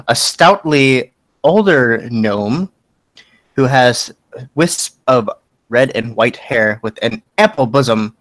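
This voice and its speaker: Man as game master, lively swinging voice, dry close sound. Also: medium pitch, no echo, low-quality recording. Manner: animated, playful narration with laughs. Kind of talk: narrating a tabletop game.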